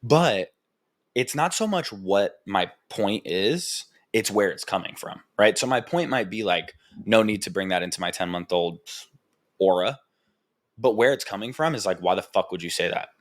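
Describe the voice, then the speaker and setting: Deep-voiced young man rambling on a podcast. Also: expressive, unhurried. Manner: rambling, frank and profane, full of "like" fillers. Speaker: podcast host. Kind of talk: candid personal podcast monologue.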